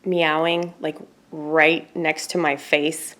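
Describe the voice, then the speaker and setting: A woman chatting casually on her own video channel, rambling and laughing often, her voice swinging from loud asides to quiet murmurs. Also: low-pitched, flat delivery, slow pace. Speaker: YouTuber. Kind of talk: casual vlog chat.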